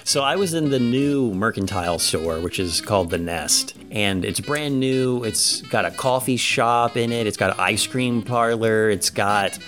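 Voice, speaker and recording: A man in his late thirties from Ohio, co-hosting a podcast and telling a long casual story, quick to act out other people's lines. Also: fairly low pitch, soft background music. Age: 30s. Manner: rambling storyteller, animated when quoting others. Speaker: podcast co-host. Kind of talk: casual chat.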